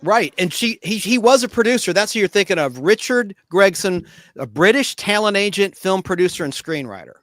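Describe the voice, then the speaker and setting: Bright, high-voiced rambling man. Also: animated, a little fast, no room sound, clean studio sound. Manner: rambling, film-buff enthusiasm. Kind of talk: casual chat.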